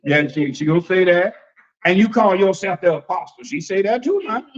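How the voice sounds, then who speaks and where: A man preaching conversationally as an apostle, folksy and animated, often repeating phrases and acting out the voices he quotes. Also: high-pitched, a little fast, muffled recording. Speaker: apostle and preacher leading a discussion.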